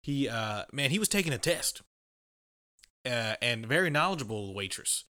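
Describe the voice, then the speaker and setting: A man's voice: mid-range voice, normal speed. A man, co-hosting a casual chat and animatedly retelling a story, acting out what people said. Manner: animated retelling, acts out quotes, laughs often.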